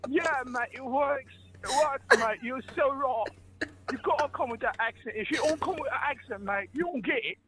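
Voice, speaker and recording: A man with a very high speaking voice calls in for joking banter. He fakes a British accent the whole way through and keeps tossing in "mate" like a running bit. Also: moderate pace, pushed and bright, rough recording. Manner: puts on a mock British accent, repeating "mate".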